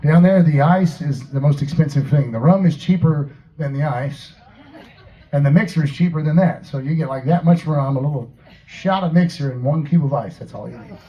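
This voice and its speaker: A man's voice: on the high side, moderate pace, muffled recording. A man from Tennessee, a singer-songwriter telling joking, laid-back stories between songs at a house concert. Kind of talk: live stage banter between songs.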